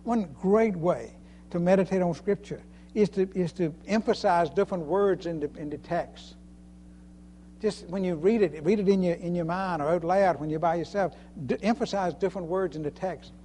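Folksy, high-voiced preacher with faint hum. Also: male voice, moderate pace, mellow. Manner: folksy, chuckles often, repeats phrases for emphasis. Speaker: preacher and Sunday school teacher. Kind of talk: sermon.

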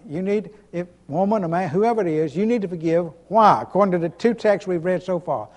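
A pastor preaching an emphatic sermon, repeating himself and chuckling between points. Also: male voice, sits high, a little fast, darkish tone. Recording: long hall reverb.

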